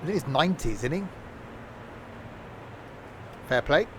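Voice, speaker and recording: A man's voice: on the high side, expressive, unhurried, noisy background. A British man chatting casually as he streams a train game, rambling into asides. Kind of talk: casual gameplay commentary.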